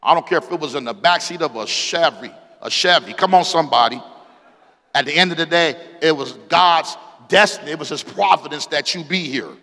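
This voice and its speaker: A man in his forties preaching a sermon as pastor, calling out to the congregation, swinging between loud exclamations and quiet scripture reading. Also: a little high, a little fast. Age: 40s. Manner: call-and-response preaching, rises to shouts, reads scripture aloud. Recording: long hall reverb.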